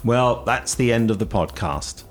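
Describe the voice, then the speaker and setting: Lively, giggly British man hosting a podcast. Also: mid-range voice, measured pace, soft background music. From Britain. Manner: jokey, giggly, rambling. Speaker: podcast host. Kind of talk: casual podcast chat.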